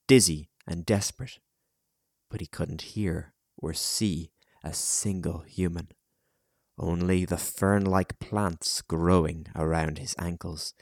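A man narrating an audiobook chapter in a measured, dramatic storytelling manner. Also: low-pitched, no room sound, studio quality.

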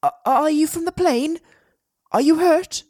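A man's voice: extremely high pitch, measured pace, dry recording, clean studio sound, voice pushed up. A man reading a story voices a panicked boy who has survived a plane crash, calling out in a raised, urgent voice. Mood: wary. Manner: shouting, breathless and urgent.

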